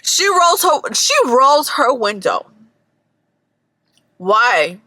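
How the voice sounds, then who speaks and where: A woman's voice: on the high side, very animated, very slow, sharp tone, dry recording. A young woman ranting bluntly and profanely in a casual monologue, talking from her parked car. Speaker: vlogger.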